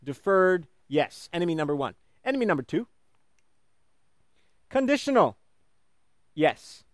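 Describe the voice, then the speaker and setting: A man preaching a sermon, animated, acting out voices in his stories. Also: fairly high pitch, unhurried, dry recording, clean studio sound.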